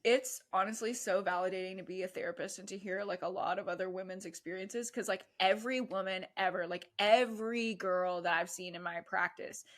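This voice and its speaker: A woman's voice: medium pitch, steady tone, fairly quick, hardly any pauses. A woman in her twenties co-hosting a podcast, chatting casually and animatedly with lots of laughter. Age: 20s. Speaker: podcast co-host. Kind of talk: casual chat.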